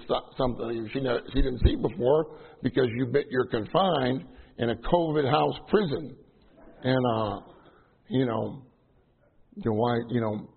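A man's voice: medium pitch, gravelly, husky. A middle-aged man preaching to trainees in a chatty, self-deprecating way, full of fillers and restarts. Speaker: minister teaching trainees. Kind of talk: casual sermon to a live audience. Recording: tinny phone-like sound.

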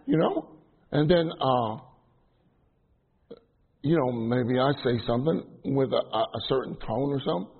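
A middle-aged minister teaches trainees in a casual sermon before a live audience, and the recording sounds tinny, like a phone. His medium-pitched voice is expressive, husky and creaky, a little slow with long pauses, and his chatty, self-deprecating delivery is full of fillers and restarts.

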